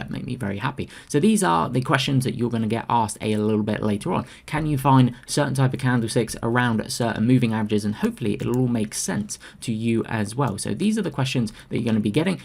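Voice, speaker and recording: A man's voice: mid-range voice, vocal fry, a little mellow. A man presenting a trading lesson over slides, emphatic and prone to repeating key phrases for stress. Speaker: trading educator. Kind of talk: screen-share presentation.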